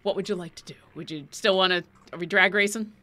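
Bright-voiced woman running a tabletop game. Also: lowish voice, quick pace. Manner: lively, playful scene-setting. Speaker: dungeon master.

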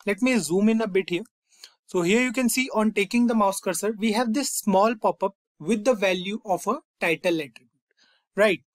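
A young man hosting a coding tutorial, calmly walking through each step and often saying "fine" and "over here". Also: sits high, moderate pace, dry recording. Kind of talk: screen-recorded coding lesson.

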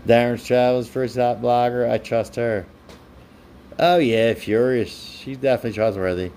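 A man's voice: mid-range voice, steady tone, normal speed, darkish tone, a little hiss or hum. A man on a live stream, reading viewers' comments aloud and answering them with playful, teasing banter. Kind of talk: casual live-stream chat.

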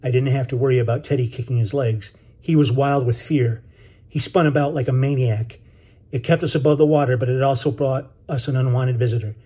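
A man reading his own novel aloud in steady, measured scripted narration. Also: medium pitch, husky.

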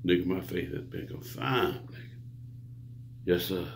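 A man's voice: low voice, expressive, unhurried, gravelly, slight background noise. A man preaching a rambling monologue to his viewers, grandiose and profane, lecturing the listener. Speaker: self-styled preacher.

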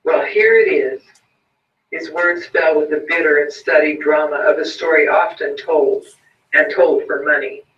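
A man reading a short story aloud in a measured, deliberate way. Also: on the high side, flat delivery, a bit bright, slight background noise. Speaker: story reader. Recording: roomy, distant, muffled recording.

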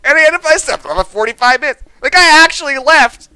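Profane, animated ranting young man. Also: extremely high pitch, a little fast, no room sound, low-quality recording. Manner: profane, animated storytelling with mocking voices. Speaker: streamer. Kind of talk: ranting to a live stream audience.

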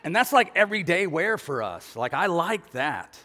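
A man preaching a sermon as a pastor, telling a family story in an animated way and acting out voices with shouts and laughs. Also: fairly high pitch, moderate pace. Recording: long hall reverb.

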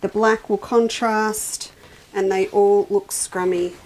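A woman's voice: mid-range voice, fairly even intonation, slow pace, a little mellow. A middle-aged woman hosting a casual quilt shop show, talking enthusiastically about fabrics and often breaking off mid-sentence. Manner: chatty, enthusiastic, self-interrupting. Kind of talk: casual product show-and-tell.

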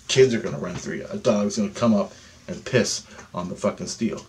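Fairly quick and on the low side, a man's voice leads a guided meditation. The teacher is insistent and profane, keeps asking "okay?", and becomes increasingly loud and animated.

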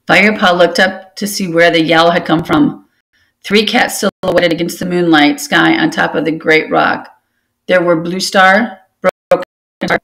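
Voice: mid-range voice, vocal fry, a bit bright. A book club reader reading a novel aloud steadily, with occasional restarts after slips.

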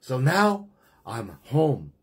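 A man's voice: medium pitch, wildly swooping pitch, extremely slow, husky. A middle-aged man preaching a fervent testimony sermon, emphatic and punctuated with amens.

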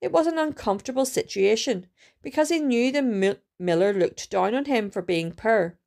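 Lady reading a kids story out loud, bit of vocal fry, careful and steady. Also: a little high, normal speed. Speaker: student reader. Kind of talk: storybook read-aloud.

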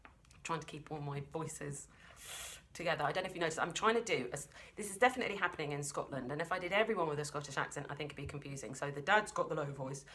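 A woman librarian reading a children's book aloud, expressive and chatty, stopping for asides. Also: low voice, fast talker, a little hiss or hum. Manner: lively, expressive storytelling with asides.

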